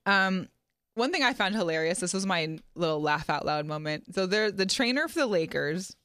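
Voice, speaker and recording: A woman's voice: on the low side, lively intonation, normal speed, a bit bright, dry recording. A woman co-hosting a casual sports chat show in a studio, giggling, rambling and tripping over names. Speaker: co-host.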